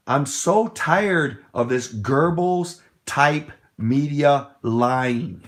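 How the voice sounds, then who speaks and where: A middle-aged man from the United States giving an impassioned political talk, telling a long story in a rambling, emphatic, hesitant way. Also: fairly high pitch. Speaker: political speaker.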